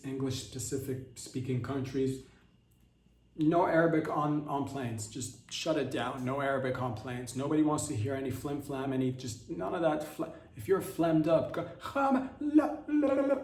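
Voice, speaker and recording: A man's voice: medium pitch, a little mellow. A man hosting a comedy podcast in a rambling, provocative monologue, often cutting himself off and restarting. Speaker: podcast host. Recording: roomy echo.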